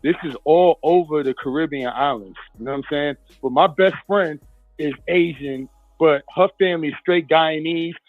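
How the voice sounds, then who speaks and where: A man with a slightly raised pitch tells a story in a relaxed, explanatory way. His voice comes through a thin, phone-like line with a dry sound and faint music underneath. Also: moderate pace, dry recording. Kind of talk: casual group chat.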